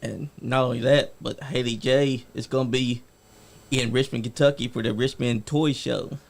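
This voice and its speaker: A man's voice: medium pitch, steady tone, normal speed, vocal fry. A man co-hosting a casual interview, mostly chiming in with short agreements and plugs. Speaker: co-host.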